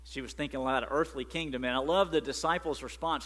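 A man preaching a sermon as pastor, animated and emphatic. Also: medium pitch, quick pace, few pauses, long reverb tail.

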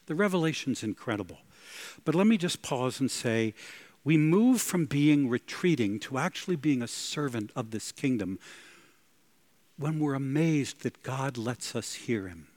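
A male pastor preaching a sermon, dramatic, breaking into gasps and soaring on emphatic lines. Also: medium pitch.

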